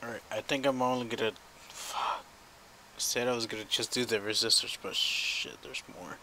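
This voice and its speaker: A man's voice: mid-range voice, steady tone, moderate pace, sharp tone, a little hiss or hum, poor audio. A tipsy man chatting loosely while soldering, swearing now and then. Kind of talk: casual chat while soldering.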